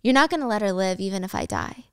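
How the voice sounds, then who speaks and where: A woman voicing a calm, fearless teenage girl who speaks in a flat, composed way. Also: medium pitch, fast talker, clear, resonant tone, dry recording, clean studio sound.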